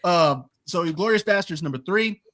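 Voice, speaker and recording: Guy on a podcast, high voice, laughs a lot retelling scenes. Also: normal speed. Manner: animated, laughs often while retelling movie scenes. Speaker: podcast co-host. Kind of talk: casual chat.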